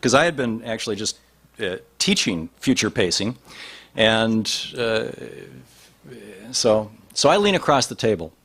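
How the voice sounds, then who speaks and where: A man's voice: lowish voice, lively intonation, a little slow, fairly bright tone. A man telling a long anecdote in a rambling way, full of restarts and fillers. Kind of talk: storytelling talk.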